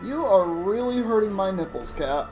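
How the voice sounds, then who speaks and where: A man's voice: high-pitched, animated, normal speed, darkish tone. A man streaming a video game, chatting casually and reacting aloud to what happens on screen. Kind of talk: casual gameplay commentary. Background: game music.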